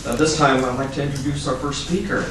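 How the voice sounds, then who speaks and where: A man acting as emcee at a club meeting, introducing a speaker haltingly and stumbling over his notes. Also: medium pitch, fairly even intonation. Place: meeting room. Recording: echoey room, distant mic, some noise.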